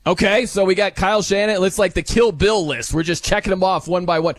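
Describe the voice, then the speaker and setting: A man hosting a sports talk show, excited and sarcastic, with quick asides. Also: sits high, no echo.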